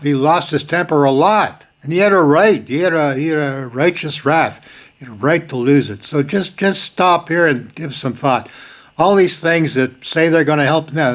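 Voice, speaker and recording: Older man, direct-to-camera commentary, emphatic, sudden forceful bursts, repeats himself. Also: a little high. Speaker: video host. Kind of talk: casual spoken commentary.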